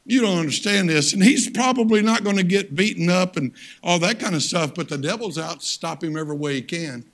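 Older man, high-pitched voice, guest preacher, plain-spoken storytelling sermon. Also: fairly quick, a bit bright. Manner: plain-spoken, folksy storytelling with emphatic turns. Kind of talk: sermon with personal stories.

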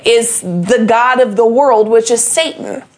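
A woman's voice: fairly high pitch, unhurried. A woman co-hosting a casual faith discussion, explaining her points in an earnest, teaching way.

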